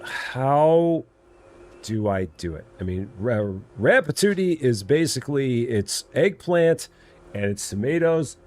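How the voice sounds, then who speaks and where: A man's voice: mid-range voice, sing-song, measured pace, a little mellow. A man from Illinois hosting a live game stream, chatting playfully and answering viewers. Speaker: live-stream gamer host. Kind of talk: casual live-stream chat.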